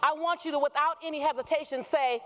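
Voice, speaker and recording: A woman motivational speaker giving a keynote on stage, using call-and-response with the audience and shouting at the peaks. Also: high voice, steady tone, fast talker, a loud crowd, heavy background noise. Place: conference hall with a live audience.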